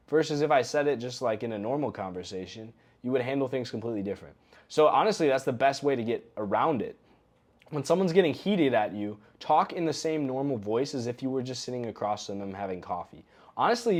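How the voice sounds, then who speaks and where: A young adult man giving a recorded coaching lesson in a relaxed, conversational way, often acting out example phrases. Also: medium pitch, brisk. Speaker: coaching course instructor.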